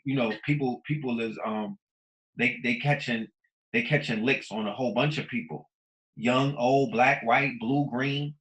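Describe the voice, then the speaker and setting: Animated, preachy man in a roomy space. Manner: animated, preachy, swings between loud emphasis and low mutters, profane. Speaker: podcast host. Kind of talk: casual monologue.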